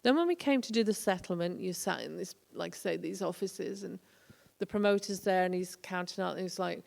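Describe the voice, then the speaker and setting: A woman's voice: lowish voice, fairly quick, vocal fry, darkish tone. A woman, a former tour manager telling road stories in a casual lecture, acting out the people she quotes. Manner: chatty storyteller, acts out quoted voices. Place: college lecture hall. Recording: echoey hall.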